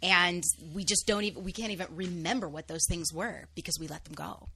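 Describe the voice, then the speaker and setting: Bright-voiced woman, upbeat. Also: lowish voice, fairly quick, slight background noise. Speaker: guest. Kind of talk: casual interview chat.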